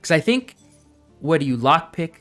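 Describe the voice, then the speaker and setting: A man's voice: on the high side, big pitch swings, moderate pace, a bit bright, faint music behind. A man streaming a game live, chatting casually and thinking aloud, often breaking into laughs.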